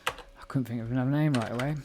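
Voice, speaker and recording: A man's voice: mid-range voice, fast talker, noisy background. A man hosting a casual live coding stream at home, thinking aloud and correcting himself as he goes. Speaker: live-stream host learning a programming language. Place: home room at a computer. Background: keyboard typing and clicks.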